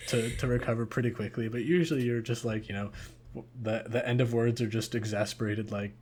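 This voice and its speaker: A man's voice: medium pitch, fairly even intonation, brisk, darkish tone, slight background noise. A young man co-hosting a podcast in casual chat, rambling and hesitant with many fillers. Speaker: podcast co-host.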